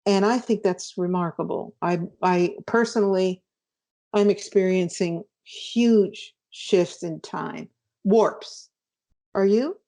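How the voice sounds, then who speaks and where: A woman guest author being interviewed, telling a vivid personal story in an animated way. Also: mid-range voice, takes it slowly.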